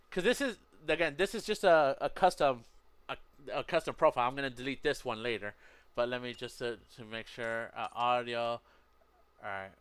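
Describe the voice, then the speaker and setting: A man's voice: mid-range voice, background noise. Rambling man streaming, game engines behind. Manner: rambling, self-correcting, talks to his chat. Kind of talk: casual live-stream chat. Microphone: headset. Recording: racing game audio loud underneath. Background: racing game engine sounds.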